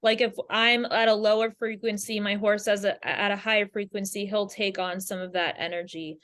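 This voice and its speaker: A woman explaining her ideas calmly on a podcast, speaking over a video call. Her talk is steady and reflective, with a spiritual bent. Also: mid-range voice, moderate pace. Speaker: podcast guest. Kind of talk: casual chat.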